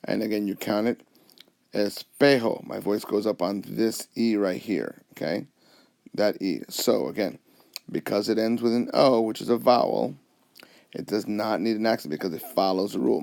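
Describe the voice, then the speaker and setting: A man's voice: lowish voice, normal speed, creaky, darkish tone, no echo, studio quality. A man teaching a Spanish lesson over a whiteboard, explaining patiently step by step and switching between English and Spanish.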